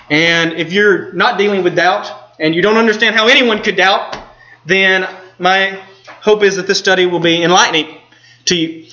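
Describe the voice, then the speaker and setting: A man preaching a sermon, telling the story in an earnest way and pausing for emphasis. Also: sits high, pushed and bright, lo-fi sound.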